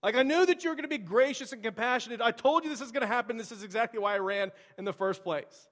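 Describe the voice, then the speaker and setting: A man's voice: expressive, normal speed, big-room sound. A man doing a whiny, self-pitying prophet. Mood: whining. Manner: complaining, high-pitched whine.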